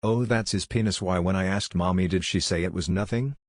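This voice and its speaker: A man reads one joke after another in a flat, deadpan manner. His voice sits very low. The recording is close and dry, with no room sound. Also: brisk, no echo. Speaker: joke narrator. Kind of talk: reading jokes aloud.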